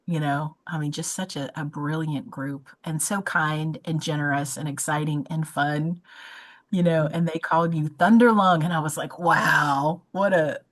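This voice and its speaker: A woman's voice: low voice, steady tone, moderate pace, poor audio. A woman hosting an interview show, talking in an effusive, chatty way with frequent restarts. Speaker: podcast host. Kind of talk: casual interview chat.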